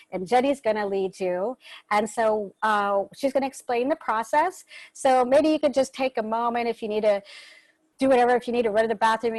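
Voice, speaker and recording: A woman's voice: on the high side, a little mellow, no echo, poor audio. A woman hosting an online workshop over a video call, giving casual spoken instructions in a loose, chatty way with the odd swear word. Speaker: workshop host.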